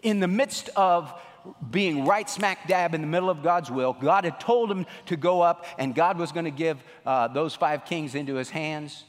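A man preaching a sermon as a pastor, animated and emphatic, repeating phrases and swinging his voice up and down. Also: fairly high pitch, moderate pace. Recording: long reverb of a large hall.

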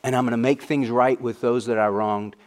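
A man's voice: mid-range voice, steady tone, fairly quick, a little mellow. A middle-aged man preaching a sermon to fathers, earnest and repeating key phrases for emphasis. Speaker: pastor.

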